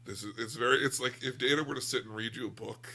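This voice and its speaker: A man's voice: medium pitch, quick pace, bright, forceful tone. An American man chatting candidly on a book podcast, rambling a little and restarting his sentences. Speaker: book club podcast co-host. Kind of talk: casual chat.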